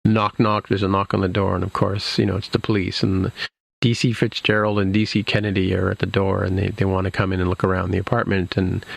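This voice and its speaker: A man with a lowish, gravelly voice recaps a show's plot in a loose, rambling way. He keeps restarting his sentences and dropping fillers. The recording is dry and close, with no room sound. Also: level tone, fairly quick, no room sound. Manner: rambling, many restarts and "you know" fillers. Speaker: podcast host. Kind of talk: casual episode recap.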